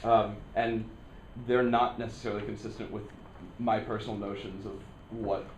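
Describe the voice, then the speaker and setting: Male student with a lowish voice, working through an idea out loud in class; echoey room. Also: little pitch movement, moderate pace, a little hiss or hum. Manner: thinking aloud, searching for words. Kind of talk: classroom discussion.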